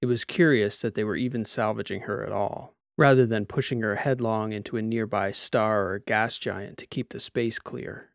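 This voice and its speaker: A man reading a sci-fi short story as narrator, in a measured, steady way. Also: fairly low pitch, gravelly, no echo, studio quality. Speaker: audiobook narrator. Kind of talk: scripted narration.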